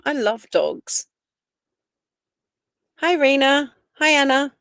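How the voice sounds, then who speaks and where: A woman's voice: mid-range voice, animated, a little slow, pauses often, no echo. A woman from Australia with an Australian accent and Italian as her first language, hosting a casual livestream and chatting to viewers. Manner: chatty, greets viewers by name, drifts between topics. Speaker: livestream host. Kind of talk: casual live chat reading comments.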